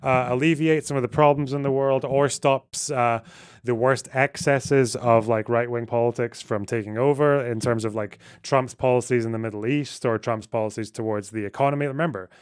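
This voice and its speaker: A man streamer with a Scottish lilt, talking loosely to his viewers at a mid-level pitch. He is blunt and sarcastic, and he swears freely as he reacts to chat messages. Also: steady tone, moderate pace, clean tone. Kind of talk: casual livestream chat reading.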